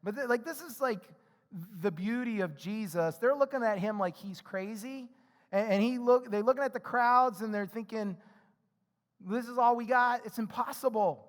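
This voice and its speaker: A man's voice: high-pitched, moderate pace, long reverb tail. A man preaching a sermon as a pastor, in a conversational way, acting out the characters' dialogue and often tagging his points with "right?". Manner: frequent tag questions "right?".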